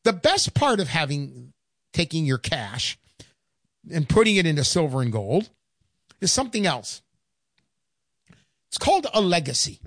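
A woman giving an emphatic, sarcastic sales pitch for investing in gold and silver. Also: big pitch swings, unhurried, long pauses, no room sound, clean studio sound. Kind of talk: persuasive sales talk.

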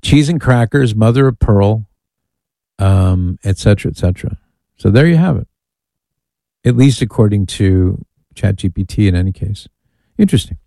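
Mellow-voiced playful radio host, man. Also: on the low side, animated, moderate pace, gravelly, pauses often, no room sound. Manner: playful, reads lists aloud with amused asides. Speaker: radio call-in show host. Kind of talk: casual talk radio.

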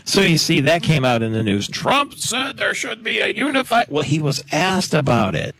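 A man's voice: on the high side, very animated, normal speed, gravelly, a bit bright. A man hosting a talk show, chatting casually and joking about the clips he plays. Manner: chatty, joking, laughs at his own asides. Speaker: radio host.

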